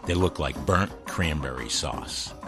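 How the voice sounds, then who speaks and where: A man telling a first-person story in a slow, deadpan manner. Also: a bass voice, loud music behind the voice. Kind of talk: scripted first-person narration.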